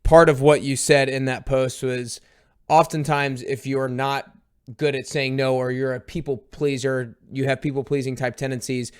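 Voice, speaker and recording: A male podcast host asks long, meandering questions in a casual interview. His voice is smooth and clear, with a middle pitch. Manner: rambling, hesitant questions with restarts.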